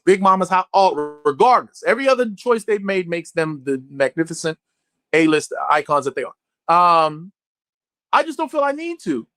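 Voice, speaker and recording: A man gives a candid interview in a swearing, animated, storytelling way. His pitch rises and falls freely. The sound is dry and close, with almost no room echo. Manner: blunt and profane, animated storytelling. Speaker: actor, interview guest.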